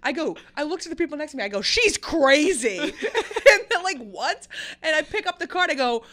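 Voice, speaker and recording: A woman with a bright, clear voice guests on a casual podcast. Her pitch swings widely as she chimes in and laughs along. She adds her own side of the story. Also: animated, rapid-fire. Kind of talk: casual chat.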